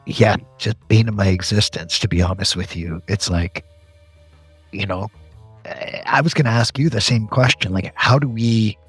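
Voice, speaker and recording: Male guest, low husky voice, relaxed wry delivery. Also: normal speed, faint music behind. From Canada. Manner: laid-back, wry storyteller. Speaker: podcast guest. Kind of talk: casual podcast chat.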